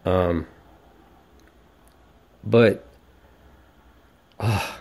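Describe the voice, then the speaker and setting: Brief: man in his 40s, lowish voice, profane ranting podcast host, casual storytelling. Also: drawn-out words, gravelly, a little mellow. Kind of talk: casual monologue.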